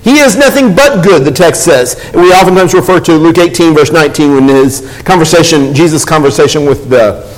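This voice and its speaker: A man's voice: on the high side, expressive, brisk, rough recording. A man preaching a sermon in a conversational, emphatic way, often restarting his words.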